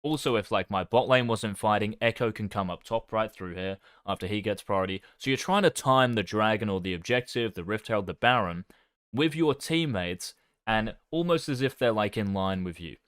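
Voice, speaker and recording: A man's voice: on the low side, normal speed, a bit bright, clear, resonant tone, no room sound, studio quality. A man casually commenting on his own gameplay as a coach, swearing now and then and making fun of himself. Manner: swears casually, self-deprecating. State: talking with his mouth full.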